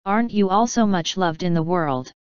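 A woman's voice: fairly low pitch, moderate pace, smooth, no room sound, natural voice. A woman voicing a curious, kind young boy who asks earnest questions. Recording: slightly dull, dry recording.

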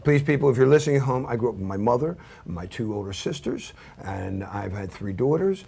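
A man's voice: medium pitch, lively intonation, brisk, vocal fry, mellow, slightly rough. A man in his fifties giving an informal, rambling training lecture, full of asides and self-deprecating jokes. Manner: rambling anecdotal, self-deprecating, many fillers and restarts. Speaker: cybersecurity instructor.

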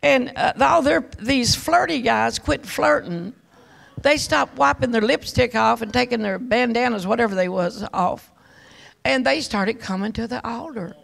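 An older woman evangelist telling a testimony in a folksy, animated way, with chuckles and frequent restarts. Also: fairly high pitch, measured pace, creaky. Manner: repeats words and restarts often. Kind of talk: testimony storytelling.

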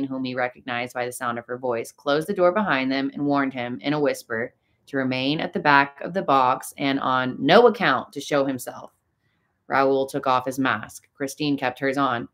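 A woman narrating an audiobook with a low-pitched voice. She reads expressively, lending drama to the prose. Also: fairly bright tone. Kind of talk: audiobook narration of a classic novel.

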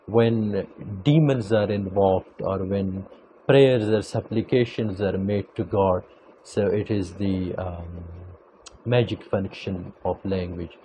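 A man giving an academic lecture, speaking deliberately and repeating key phrases for emphasis. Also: lowish voice, mellow, a little hiss or hum, rough recording.

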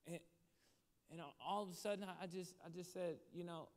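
A man telling a story as a motivational speaker, shifting from animated to hushed. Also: high voice, brisk. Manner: animated storytelling that drops to a hushed voice for serious moments. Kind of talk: storytelling sermon. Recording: long hall reverb.

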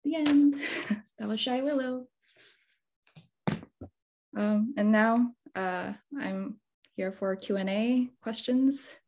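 A woman author reading her picture book aloud at a bookshop storytime, expressive and unhurried. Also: medium pitch. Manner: slow, expressive storytime reading with sound words. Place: bookshop event space.

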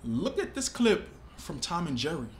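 Brief: male reaction-video host, emphatic and casual, slightly high voice, roomy echo. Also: normal speed. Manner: animated, emphatic, casual vernacular. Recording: echoey room with faint ambience.

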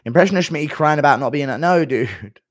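Guy streaming and reading chat, crude deadpan mumbles, voice bounces around a lot. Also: on the high side, fast talker, no room sound, clean studio sound.

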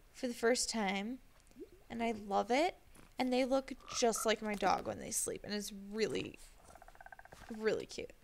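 A woman chatting casually while building in a game, gushing over the animals and cooing at them softly. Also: on the high side, creaky, slight background noise. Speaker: Minecraft builder. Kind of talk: casual gameplay commentary.

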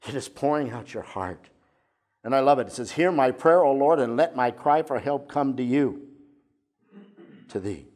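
An older man preaching a sermon as a pastor, moving between emphatic points and soft, intimate asides. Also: mid-range voice. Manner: expressive preaching, drops to soft intimate tones.

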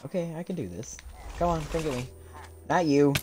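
Guy streaming a game, super animated, keeps talking to the characters, faint music behind. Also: on the high side, moderate pace. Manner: animated, talks to game characters, laughs often. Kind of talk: live gameplay commentary.

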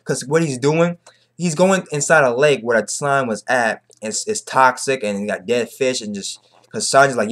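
A young man giving a casual, slang-heavy chapter recap, excitable and repetitive. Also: mid-range voice, moderate pace. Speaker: manga reviewer.

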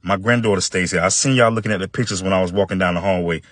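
A man voicing a gruff, hot-tempered old man who guards his house, growling warnings and then screeching when he gets riled up. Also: racing, no echo, clean studio sound. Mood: menacing. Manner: low menacing warnings, then shrill shouting when roused.

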